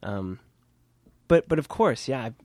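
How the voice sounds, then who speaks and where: A man's voice: mid-range voice, animated, measured pace, a little mellow, dry recording. A man from Kansas, a puppeteer, chatting in his puppet studio in a self-deprecating way with frequent laughs. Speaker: puppeteer guest. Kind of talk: casual interview.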